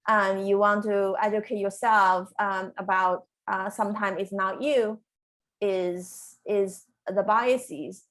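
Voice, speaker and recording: A woman's voice: mid-range voice, fairly bright tone. Earnest woman faculty panelist with restarts. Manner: earnest, measured, with many restarts. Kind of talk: panel discussion answer.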